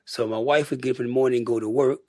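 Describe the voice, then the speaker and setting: An older American musician from Michigan, guesting on a casual interview, speaks rapid-fire in a mid-range voice. The recording is clean studio sound with no room echo. He tells rambling stories, animatedly acting out what people said.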